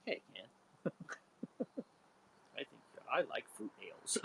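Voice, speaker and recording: A woman co-hosting a homebrew show, chatting casually on a live stream, animated and teasing with frequent laughs. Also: very deep voice, takes it slowly, vocal fry, a little hiss or hum.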